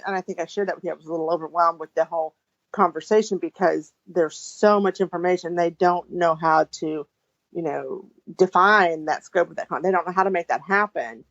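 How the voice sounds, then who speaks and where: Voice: medium pitch, a bit bright, no echo. Co-host chatting on a slightly muffled podcast line. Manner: halting, with restarts and fillers. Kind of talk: casual podcast chat.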